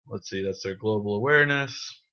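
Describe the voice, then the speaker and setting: A man's voice: on the low side, a little fast. A man hosting a live tech Q&A, casually answering viewer questions with many ums and restarts. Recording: dull lo-fi stream audio.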